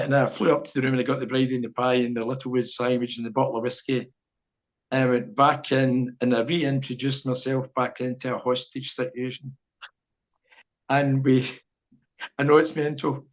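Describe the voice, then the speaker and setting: A middle-aged Scottish man recounts an old story as a podcast guest, rambling and laughing softly between thoughts. His voice stays fairly even in pitch. The audio is a little dull and lo-fi. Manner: rambling storyteller, chuckles often. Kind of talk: casual anecdote telling.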